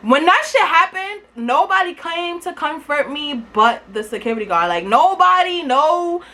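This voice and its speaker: High, bright-voiced young woman. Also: normal speed. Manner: animated, profane, emphatic. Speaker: vlogger. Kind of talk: casual storytime.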